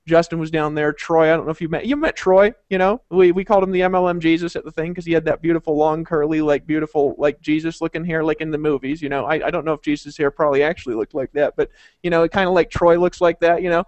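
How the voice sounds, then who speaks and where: Fast-talking high-voiced man rambling. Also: level tone, no room sound, highs cut off. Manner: rambling, laughing, full of fillers. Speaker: host of a group call. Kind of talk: casual storytelling.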